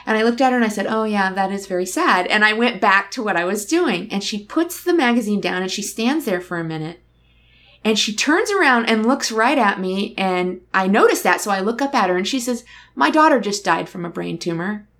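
A woman's voice: mid-range voice, lively intonation, fairly quick, fairly bright tone. Woman, conversational storyteller; candid, reflective, voices the dialogue. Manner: candid, reflective, acts out dialogue in her stories. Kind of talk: casual conversation, personal storytelling.

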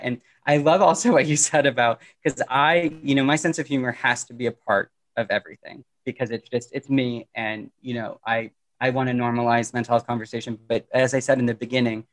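A man talking as a podcast guest on mental health, casual and animated, joking often and restarting his sentences. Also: mid-range voice, brisk, hardly any pauses. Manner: animated, jokey, lots of fillers and restarts. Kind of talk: casual conversational interview.

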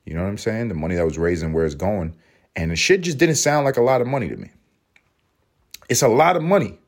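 Low-voiced man on a profane comic rant. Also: lively intonation, fast. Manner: profane, rambling rant with laughing asides. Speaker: podcast host. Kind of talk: casual comedic monologue.

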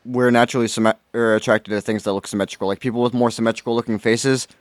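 A man's voice: mid-range voice, steady tone, fast talker, no room sound. A man on a podcast in casual chat, laid-back and hesitant with many fillers. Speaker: podcast co-host reading reviews.

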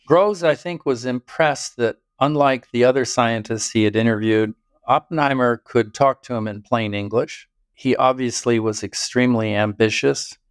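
A man's voice: mid-range voice, clear, resonant tone, dry recording, studio quality. An older man, a biographer, answering interview questions in thoughtful, storytelling detail. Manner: thoughtful storytelling with occasional chuckles. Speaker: biographer guest.

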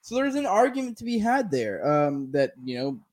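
A man's voice: high voice, big pitch swings, normal speed, a little mellow. A man who served in the military, rambling through casual, profane podcast talk full of fillers. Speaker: military veteran, podcast co-talker.

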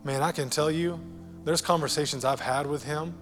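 A man preaching a sermon as pastor, animated and jokey, repeating key phrases for emphasis. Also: a little high, normal speed, in a large hall, faint music behind.

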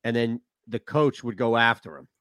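A man hosting a casual sports talk show, rambling and animated. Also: mid-range voice, moderate pace, clear, resonant tone, no room sound.

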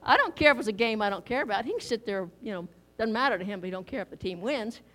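A middle-aged woman preaching a conversational sermon in a church, lively and folksy, asking the congregation questions. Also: medium pitch, fast.

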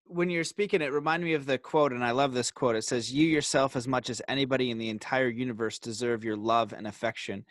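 A man's voice: mid-range voice, steady tone, fast talker, hardly any pauses, dry recording. A man hosting a podcast, talking in an earnest, explanatory way with hesitant restarts. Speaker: podcast host. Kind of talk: casual interview conversation.

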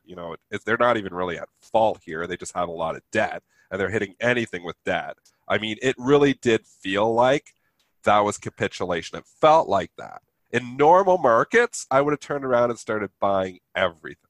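Man, nasal from a sinus infection, low voice, dry sound, blunt market talk. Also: lively intonation, fairly quick, no echo. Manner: blunt, emphatic. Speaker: co-host. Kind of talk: market commentary.

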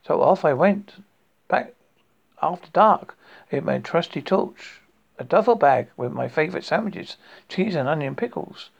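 A gravelly, husky man in his late fifties reads his own horror story aloud. He rambles and breaks off into jokey asides. The recording is dull and lo-fi. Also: on the high side, animated, a little slow. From United Kingdom. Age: 50s. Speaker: horror podcast host.

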